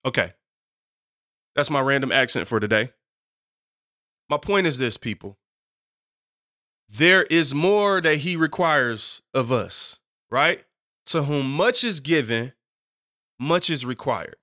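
A man in his thirties preaching a sermon in an animated, conversational way, with many asides to the congregation. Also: mid-range voice, slow pace, pauses often. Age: 30s. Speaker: pastor.

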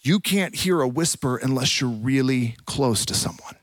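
A man preaching a sermon as a pastor, telling the story with animated energy and dropping to a hush for the quiet parts. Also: medium pitch, normal speed, no room sound. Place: church.

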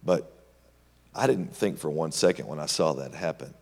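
A man preaching a sermon, telling a story in an animated way, swinging between loud and hushed passages. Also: extremely low pitch, normal speed, creaky. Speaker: pastor. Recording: long hall reverb.

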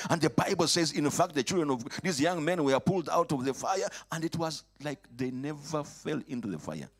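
A man delivers a fervent sermon in a slightly husky voice. His pitch leaps and dips constantly, and he swings between hushed asides and ringing, raised declarations as he calls on the congregation to answer back. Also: animated, brisk, few pauses. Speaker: preacher. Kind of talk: lively sermon. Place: church or worship hall.

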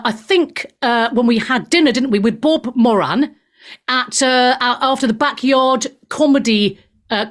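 A woman hosting a talk radio show, giving brash, irreverent opinions on the news with frequent laughter. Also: a little high.

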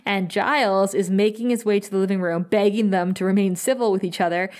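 A woman's voice: medium pitch, a little fast. Chatty woman podcast co-host. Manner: chatty, lively retelling with frequent "like" and laughter. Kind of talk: casual chat recapping a TV episode.

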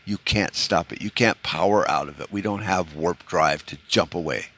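A man with a low-pitched voice rambles through a profane solo podcast rant. His tone is discouraged and bitter, and he fills his speech with "you know". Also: moderate pace, creaky, fairly bright tone. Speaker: podcast host.

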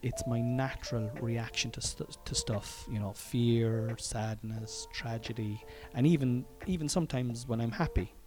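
A man's voice: mid-range voice, steady tone, a little slow, few pauses, over music. An Irish man telling a personal story in a casual monologue, frank and profane, chuckling often and wandering into asides.

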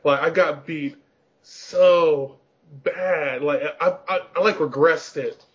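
A man with a slightly high voice tells rambling, self-mocking stories in a casual podcast chat. He laughs often between his words. The recording sounds a little dull and lo-fi. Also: slow. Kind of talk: casual storytelling chat about gaming rage.

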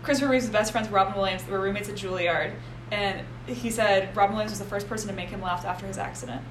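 A woman's voice: mid-range voice, steady tone. A woman co-hosting a casual podcast, eagerly sharing movie trivia. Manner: enthusiastic, quick to share film trivia. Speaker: podcast co-host. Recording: echoey room with faint hiss.

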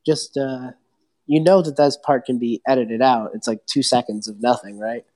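A young woman running a tabletop game podcast as game master, relaxed and teasing in casual chat. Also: very deep voice, normal speed.

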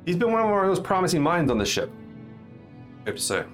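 A man's voice: high voice, sing-song, fast, fairly bright tone, faint music behind. A man narrating as game master of a tabletop role-playing game, talking loosely with many fillers and restarts.

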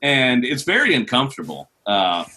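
A man telling a long, animated story on a podcast, laughing often as he goes. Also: mid-range voice, normal speed. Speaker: podcast co-host. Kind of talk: casual storytelling.

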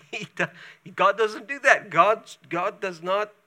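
A male pastor preaching a sermon, telling the story in an animated way with chatty asides. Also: high-pitched, takes it slowly.

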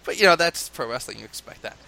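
A man from the United States, a father, telling a lively anecdote in casual conversation, laughing often and mimicking chanting crowds. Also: medium pitch, quick pace, creaky.

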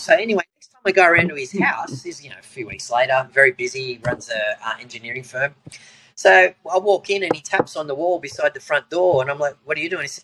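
A man's voice: fairly high pitch, animated, quick pace, sharp tone, rough recording. A man, a jiu-jitsu professor on a podcast, telling a story in a casual way and acting out the other people's lines. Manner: acts out the voices in his story, chuckles through punchlines.

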